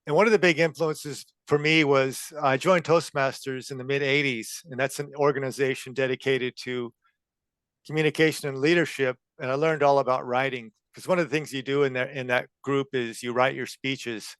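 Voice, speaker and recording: Man, fifties, from California, interview guest, measured, smooth, dry close sound. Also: medium pitch, steady tone, a bit bright, dry recording. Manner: measured, with frequent uh fillers. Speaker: guest, copywriter. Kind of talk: interview answers.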